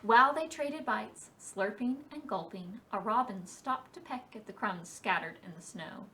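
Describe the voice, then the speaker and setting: Slow, expressive woman reading a storybook. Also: medium pitch, distant mic, a little hiss or hum. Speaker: library storytime reader. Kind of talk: reading a picture book aloud to preschoolers.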